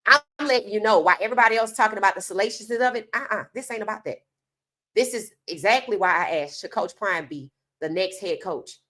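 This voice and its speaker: A woman's voice: medium pitch, fairly bright tone. Emphatic woman sports commentator. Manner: emphatic, rhetorical questions, addresses viewers directly; casual informal speech. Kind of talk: opinionated sports commentary monologue.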